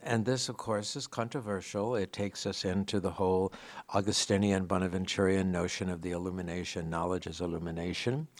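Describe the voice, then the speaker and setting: A man's voice: low voice, flat delivery, fairly quick, no echo. A man giving a sermon, explaining a scripture passage in a reflective, teaching manner with conversational asides. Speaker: preacher.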